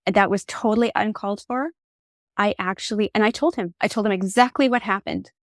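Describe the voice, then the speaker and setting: A woman in her forties, a podcast guest, telling a personal story in an expressive, candid way. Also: medium pitch, a little fast, no echo, studio quality. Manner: candid and reflective.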